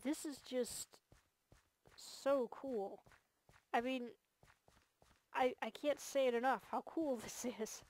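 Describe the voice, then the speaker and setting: Sounding tired and yawning, the host of a multiplayer game series speaks slowly in a high, slightly mellow voice, pausing often. Still, her casual gameplay tour is enthusiastic and gushing, full of fillers.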